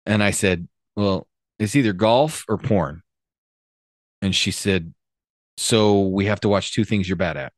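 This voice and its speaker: A man's voice: fairly low pitch, measured pace, pauses often, no room sound, studio quality. A middle-aged man hosting a casual chat, rambling loosely and telling crude jokes. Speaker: podcast host.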